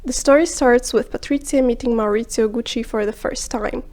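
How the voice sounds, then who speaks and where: Woman, high-ish voice, scripted review narration, measured and explanatory, with the odd hushed aside. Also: soft background music. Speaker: film review vlogger.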